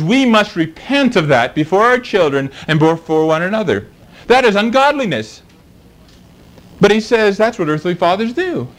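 A middle-aged man with a high-sitting voice preaches a sermon, slowly reading scripture before explaining it with animated emphasis. The audio quality is poor.

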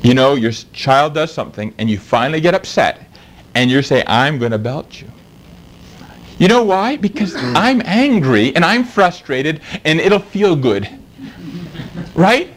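A middle-aged man preaching a sermon, reading scripture slowly and then explaining it with animated emphasis. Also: fairly high pitch, slight background noise, poor audio.

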